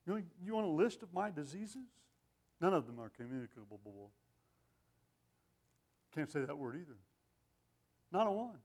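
An older man preaching a sermon with an animated, self-deprecating sense of humor, often laughing at himself. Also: fairly high pitch, normal speed, long pauses. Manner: lively, animated delivery.

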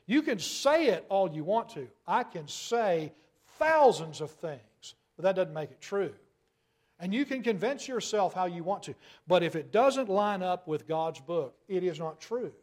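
A man's voice: high-pitched, a little mellow. A man preaching a sermon, firing off rhetorical questions and pushing hard on key words. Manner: rhetorical questions, emphatic rises in volume.

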